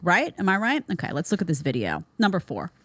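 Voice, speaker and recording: A woman's voice: lowish voice, wildly swooping pitch, fast talker, noisy background. A woman host giving a blunt, sarcastic commentary monologue, mocking the people she talks about with put-on voices. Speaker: show host.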